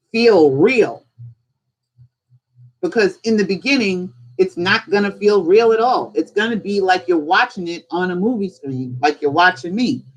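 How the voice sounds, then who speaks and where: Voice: mid-range voice, low-quality recording. A host teaching casually on a live stream, talking conversationally and firing off strings of rhetorical questions. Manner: acts out little examples in different voices. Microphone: streaming setup.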